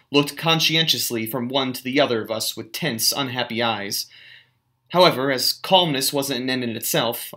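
A male teacher reads a novel chapter aloud in an unhurried, measured narration. His tone is bright and crisp, at an ordinary pitch for a man. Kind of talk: audiobook reading of a novel.

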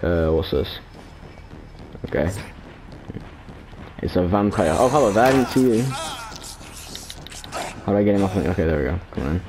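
A man's voice: low-pitched, animated, normal speed, pauses often, noisy background. A man commenting on his gameplay in a casual, rambling, joking way at a desk microphone. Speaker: gamer. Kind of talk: casual let's play commentary.

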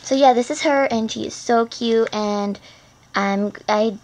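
A teenage girl chatting casually while unboxing a gift, excitable and gushing, rambling between thoughts. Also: a little high, a little slow, rough recording. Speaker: vlogger.

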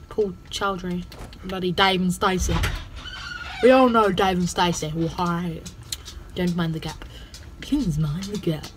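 A woman's voice: mid-range voice, pushed and bright, slight background noise. A playful female host, casually commenting over gameplay with goofy sing-song bits and a habit of saying "bloody". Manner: self-censors swearing, says "bloody" a lot. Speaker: gaming channel host.

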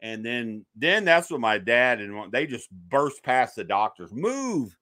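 Bright-voiced man telling a personal story. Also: medium pitch, unhurried, dry recording. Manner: animated storyteller who acts out quoted voices. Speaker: podcast guest, paranormal investigator.

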